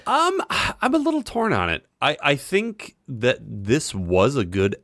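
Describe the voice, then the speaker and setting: A man's voice: mid-range voice, huge pitch swings, a little slow, fairly bright tone, dry recording, clean studio sound. A man co-hosting a podcast, chatting casually about a TV episode with wry, jokey asides and frequent laughter. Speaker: podcast co-host. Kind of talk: casual recap chat.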